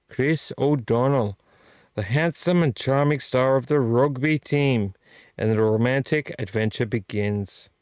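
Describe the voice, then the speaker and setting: A man's voice: medium pitch, a little mellow, clear, resonant tone, dry recording, lightly acted. A man reading a movie blurb aloud in an overdone put-on Irish accent, like a storybook narrator.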